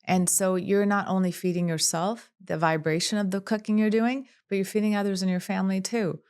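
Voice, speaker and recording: A woman clinical psychologist speaking as a podcast guest, calm and measured, running through long lists of examples. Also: mid-range voice, clear, resonant tone. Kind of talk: podcast interview.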